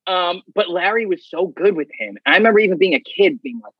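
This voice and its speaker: A man, a guest, telling stories in a casual, animated way and acting out other people's lines. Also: high voice, fairly quick, breathy edge, dry recording. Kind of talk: casual storytelling. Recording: dull, slightly muffled audio.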